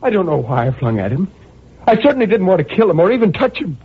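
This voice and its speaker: A tormented murderer in a cell, tinny radio. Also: male voice, high voice, very animated, quick pace, slightly rough, exaggerated voice. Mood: brooding. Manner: intense, surging from brooding murmurs to anguished cries. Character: tormented male murderer pacing his prison cell. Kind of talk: dramatic radio monologue. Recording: tinny old radio broadcast.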